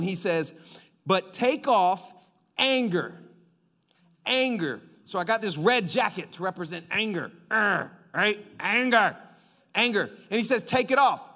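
A man preaching a sermon in a lively, joking way, getting the congregation to call back to him. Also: sits high. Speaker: pastor.

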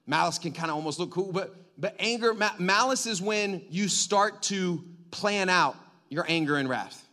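A man preaching a sermon in a lively, joking way, getting the congregation to call back to him. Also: high-pitched, moderate pace. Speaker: pastor.

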